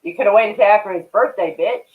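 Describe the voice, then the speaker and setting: A man hosting a stream, chatting casually with a caller in a blunt, profane way with quick banter. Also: high voice. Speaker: streamer host. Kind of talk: casual chat. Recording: tinny phone-like sound.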